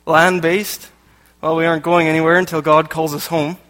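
This lay preacher from Canada reads passages during a sermon and adds joking asides in between, speaking at normal speed. His voice is a bit high and bright with little pitch movement, and the church hall echoes with long reverb.

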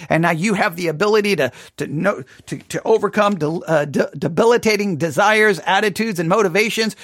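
A man's voice: sits high, fairly bright tone, dry recording, clean studio sound. A man giving a long teaching sermon as a Bible teacher, conversational, provocative and sarcastic.

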